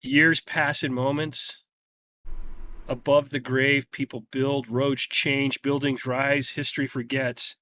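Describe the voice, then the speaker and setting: A man running a tabletop game, narrating a vision in slow, deliberate, dramatic storytelling. His voice sits a little high and sounds bright, recorded dry and close. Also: little pitch movement, no echo. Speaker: game master.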